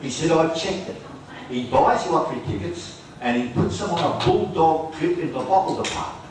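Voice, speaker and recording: An Australian man, a folk singer and storyteller, telling a droll, quick family yarn to a live workshop audience. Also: fairly high pitch, very echoey, far from the mic, noisy background. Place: festival workshop room with audience.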